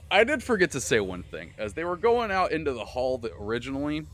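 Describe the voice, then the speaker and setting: A man hosting a podcast, recapping a tabletop game he ran, animated and swearing freely. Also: medium pitch, moderate pace. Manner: animated, swearing, frequent laughter. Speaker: podcast host and game master.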